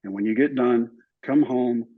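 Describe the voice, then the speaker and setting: An older man telling stories in an interview, animated and acting out other people's lines. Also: medium pitch, normal speed, husky. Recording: somewhat dull, muffled recording.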